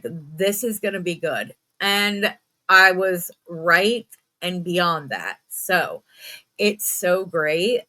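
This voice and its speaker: A woman's voice: mid-range voice, bright, forceful tone. A woman with a stuffed-up voice hosting a casual bead unboxing, chatty with frequent ums and little self-mocking laughs. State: stuffed up, lower energy. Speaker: beading channel host.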